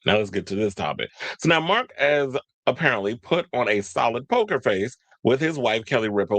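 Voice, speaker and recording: Low-voiced man chatting about pop culture. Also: no echo. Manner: chatty, tangential, forgets names. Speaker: podcast host. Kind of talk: casual pop-culture commentary.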